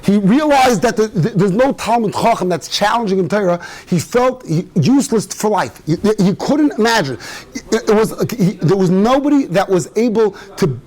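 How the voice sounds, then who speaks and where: A rabbi gives an informal Torah talk in a synagogue study hall, telling stories and weaving in Yiddish and Hebrew terms. His voice sits high and sounds expressive and somewhat dark, at a normal pace.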